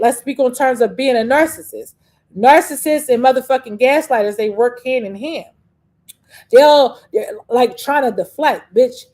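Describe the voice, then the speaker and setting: Woman, young adult, podcast host, casual rant, profane, combative, rambling, mellow tone. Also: fairly high pitch.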